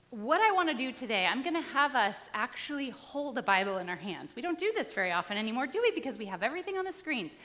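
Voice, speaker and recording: A woman's voice: a little high, fairly bright tone. A woman pastor giving a sermon, telling stories from her life in an easy, conversational way with touches of humor. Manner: conversational storytelling with light humor. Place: church sanctuary. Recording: long reverb in a large hall.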